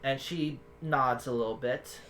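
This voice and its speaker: A woman's voice: rumbling low, measured pace, slight background noise. A woman narrating a tabletop game as game master, in rambling descriptive narration with restarts.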